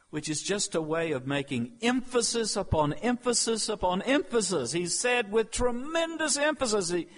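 A man preaching a sermon, slow and emphatic, with dramatic pauses, in a church sanctuary. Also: high voice, very animated. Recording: long reverb of a large hall.

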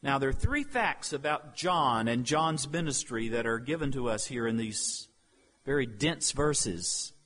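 A man preaching a sermon, slow and emphatic, with dramatic pauses, in a church sanctuary. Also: medium pitch, expressive, fairly bright tone. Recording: long reverb of a large hall.

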